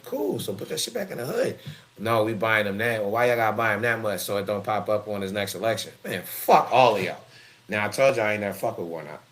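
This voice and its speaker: Slight background noise accompanies a middle-aged live-show host with a lowish voice. He's animated and blunt, swearing heavily and using street slang as he tells his story.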